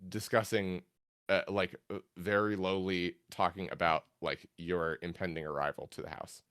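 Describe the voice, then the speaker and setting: Low-voiced guy running a tabletop game, slow, lots of ums, smooth voice. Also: flat delivery, fairly bright tone. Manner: halting, full of fillers. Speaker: game master.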